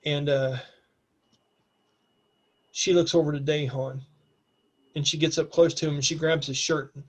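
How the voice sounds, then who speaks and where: A man's voice: a little high, little pitch movement, measured pace. Game master man narrating casually. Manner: casual, with fillers.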